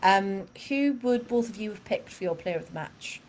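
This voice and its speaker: A woman co-hosting a casual football podcast, chatty, laughing often and filling pauses with fillers. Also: mid-range voice, lively intonation, darkish tone. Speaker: podcast co-host.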